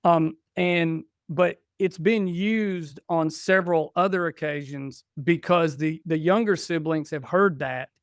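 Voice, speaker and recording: In a dry, clean studio recording, a man in his forties guests on a podcast and tells family stories casually. His slightly high, smooth voice moves a little slowly with few pauses as he chats, restarts and quotes himself, acting out who said what.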